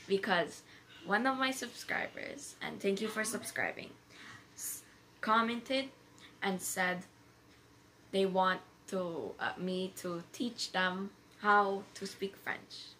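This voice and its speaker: A woman giving a casual vlog lesson, slowly repeating each phrase carefully as an amateur tutor. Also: medium pitch, bright, forceful tone, a little hiss or hum.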